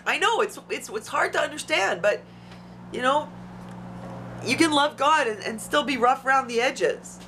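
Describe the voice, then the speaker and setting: Woman, heated vlog rant, blunt and swearing, higher-pitched, forceful tone. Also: animated, moderate pace, a little hiss or hum. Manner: outspoken, blunt, swears freely; heated, frustrated. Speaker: YouTuber. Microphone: camera mic.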